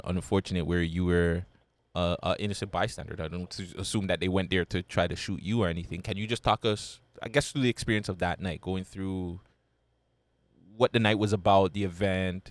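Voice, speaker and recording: A man's voice: deep voice, no echo. A man hosting a casual interview, asking questions with hesitant restarts. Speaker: host.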